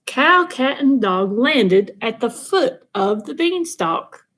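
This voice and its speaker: Woman in a lively, unhurried story read-aloud. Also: high voice. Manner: expressive, sing-song storytelling. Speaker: storybook reader. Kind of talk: children's picture book read-aloud.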